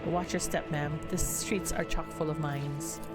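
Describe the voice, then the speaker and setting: A woman voicing a gruff, loyal male sergeant in a put-on Southern accent, earnest and deferential, over game music. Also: low-pitched, fairly even intonation, a little slow. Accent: put-on American Southern. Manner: earnest, deferential, plain-spoken.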